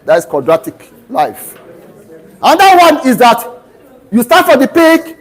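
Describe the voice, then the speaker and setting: This rough recording captures a middle-aged Nigerian university lecturer whose very high male voice swoops up and down with lively energy. He keeps posing open-ended questions that end in "what?" and pausing for students to fill the gap. Homely family anecdotes carry his lessons.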